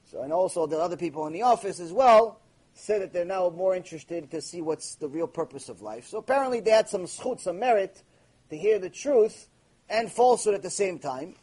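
A man, a rabbi, giving a Torah lecture and telling a story in an emphatic, animated way full of rhetorical questions. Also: high-pitched, slightly rough.

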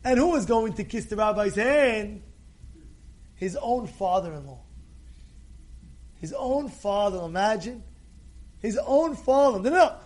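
Man, rabbi, very high voice, animated storytelling sermon, repeats himself. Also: unhurried, long pauses. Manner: lively storyteller, repeats words, acts out quotes. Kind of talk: storytelling Torah talk.

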